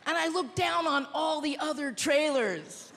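A woman comedian doing a brassy, punchy stand-up routine on a TV studio stage, using a handheld mic, with a loud crowd cheering. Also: high-pitched, expressive, unhurried, a little hiss or hum. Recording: reverberant hall with loud crowd.

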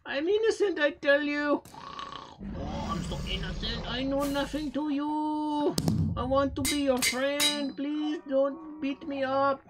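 A meek little piggy whines and begs for mercy, as a man puts on the voice while gaming. The voice sits on the high side over a noisy game recording. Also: slow. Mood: pleading. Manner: whiny, begging. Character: meek, pleading male piggy.

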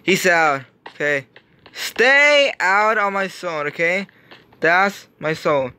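A man giving Minecraft gameplay commentary, excitable and yelling in frustration. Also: high-pitched, takes it slowly, noisy background. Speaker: gaming YouTuber.

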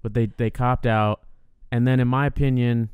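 Opinionated man with a smooth voice. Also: mid-range voice, fairly even intonation, moderate pace, no echo, narrow, tinny audio. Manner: opinionated, rambling, with frequent fillers. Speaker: podcast co-host. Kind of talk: casual film review chat.

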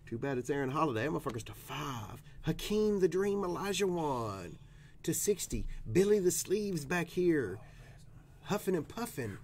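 A man's voice: fairly high pitch, sing-song, normal speed, a little mellow. A man from Tennessee, hosting a casual card-opening stream in a rowdy, profane, whooping way. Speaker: card breaker host. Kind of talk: casual live stream chat.

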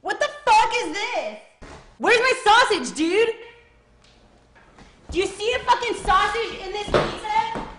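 A woman's voice: extremely high pitch, lively intonation, fairly quick, recorded from a distance. An actress playing a foul-mouthed, angry woman customer who swears and hurls insults. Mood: furious. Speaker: pizza customer. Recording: echoey room with noise.

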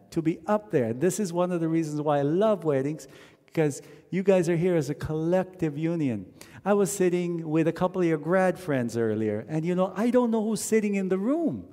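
A man from Canada leading a wedding ceremony, telling stories in a gently reflective way and now and then chanting verses. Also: sits high. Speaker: wedding officiant. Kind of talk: wedding sermon with sung verses. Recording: long hall reverb.

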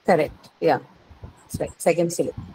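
A woman's voice: deep voice, fairly even intonation, normal speed, noisy background. A woman English teacher taking an online class, explaining word stress patiently and confirming answers with "correct" and "that's right".

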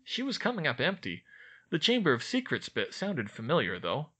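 A man reading a novel aloud as an audiobook narrator, expressive and animated. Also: fairly high pitch, moderate pace, slightly rough.

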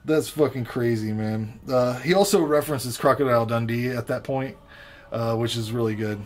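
A man's voice: mid-range voice, normal speed. Blunt, profane man reviewing a film. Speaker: podcast co-host reviewing a film. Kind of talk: casual chat.

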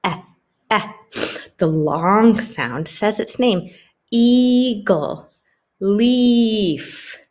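A woman teaching a phonics lesson to young children, slowly and clearly sounding out each letter and word. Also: mid-range voice, lively intonation, darkish tone. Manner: slow, exaggerated sounding-out of letters. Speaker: kindergarten teacher.

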